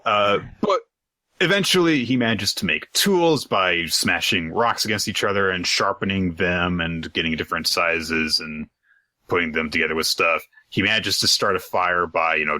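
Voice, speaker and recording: A man co-hosting a manga recap podcast, casually walking through the plot and dropping into quick acted-out quotes. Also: low-pitched, expressive, bright, forceful tone, dry recording. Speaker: podcast co-host. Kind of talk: casual chat.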